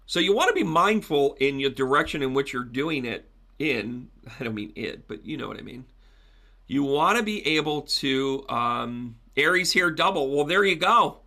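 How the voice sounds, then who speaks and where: Chatty tarot reader, bright voice. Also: male voice, a little high, normal speed. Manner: chatty, animated, joking with viewers. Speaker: psychic medium and tarot reader. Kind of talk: live-stream tarot reading.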